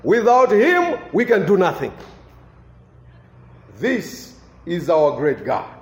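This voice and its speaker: A man preaching at a slow, deliberate pace, his high voice swinging widely between lifted and lowered tones. He leans into key phrases and repeats them for weight. The sound carries the echo of a reverberant room. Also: sing-song. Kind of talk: sermon.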